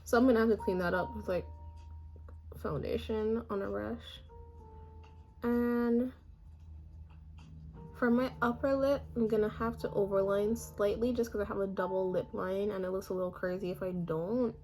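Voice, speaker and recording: A young woman with a hoarse voice, chatting casually and a little self-deprecatingly while walking through her makeup routine. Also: mid-range voice, steady tone, moderate pace, pauses often, mellow, faint music behind. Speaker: makeup vlogger. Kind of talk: casual makeup tutorial chat.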